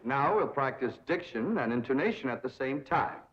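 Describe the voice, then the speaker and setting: A man's voice: mid-range voice, animated, normal speed, a bit bright, lightly acted. An actor playing a pompous young society man who lectures grandly on posture and diction in a 1960s sitcom. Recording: dull 1960s TV soundtrack.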